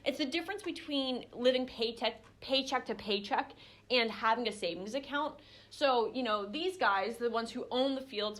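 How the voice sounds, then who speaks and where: Young woman leading a bible study, kinda high voice, chatty with lots of ums and restarts. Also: fairly bright tone. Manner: conversational, acts out quoted voices, many fillers and restarts. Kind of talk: teaching a small group class.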